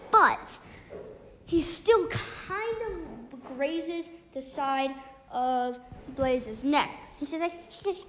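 A woman casually retelling a book's plot, halting often with restarts and fillers. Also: sits high, slight background noise. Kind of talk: casual spoken book recap.

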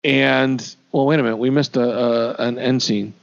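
Gravelly man joking on a podcast. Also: medium pitch, fairly even intonation, moderate pace. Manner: jokey, stumbling restarts. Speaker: podcast co-host. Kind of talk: casual movie review chat. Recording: dull lo-fi audio.

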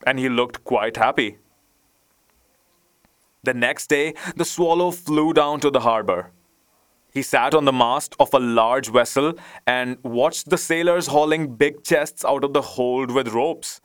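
Male storybook narrator, gentle and unhurried, with a smooth, resonant voice. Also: mid-range voice, no room sound. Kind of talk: storybook reading.

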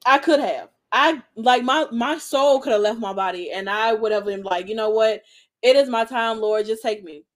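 A woman co-hosting a wrestling aftershow, talking in an animated, emphatic way that jumps between loud bursts and softer asides. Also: on the high side, normal speed. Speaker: aftershow co-host. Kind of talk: excited casual chat.

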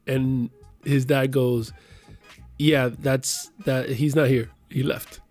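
A man's voice: medium pitch, slow pace, faint music behind. A man in his thirties from the Miami area, telling a profane story in casual chat and acting out the voices of the people in it. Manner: profane, animated storyteller who acts out quotes.

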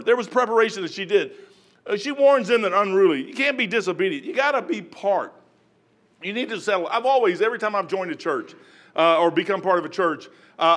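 A man preaching a sermon in a folksy storytelling way, breaking into loud shouts when he acts out prayers. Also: high-pitched.

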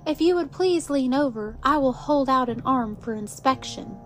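A woman voicing a polite, well-groomed male monster with a high, silky voice, reading a storybook aloud. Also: expressive, moderate pace, soft background music. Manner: courteous, formal.

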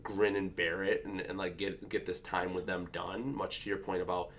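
A man's voice: low-pitched, fairly even intonation, a bit bright, a little hiss or hum. A man in his thirties, a father, chatting casually and reflectively about parenting, telling stories with frequent restarts. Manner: reflective, storytelling, halting restarts. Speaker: podcast co-host, father. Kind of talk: casual chat.

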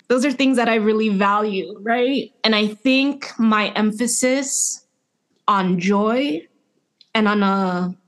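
A mid-pitched voice belonging to a podcast guest in a reflective conversation. They talk earnestly and loop back over their phrases, with frequent laughter breaking through. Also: slow pace, a bit bright. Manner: earnest, laughs often, speaks in looping restarts. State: emotional.

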